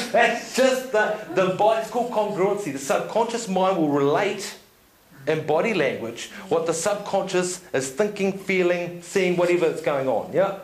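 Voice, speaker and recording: A man giving a seminar talk to an audience, telling stories in an animated way, laughing often and checking in with "yeah?". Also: high voice, normal speed. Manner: animated storyteller, laughs often, tag questions. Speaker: seminar speaker. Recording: echoey room.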